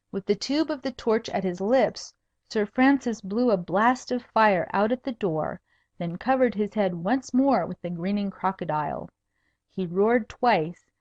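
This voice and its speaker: Female audiobook narrator, measured storybook reading, dry muffled sound. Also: medium pitch, darkish tone, no room sound. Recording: dull dry recording.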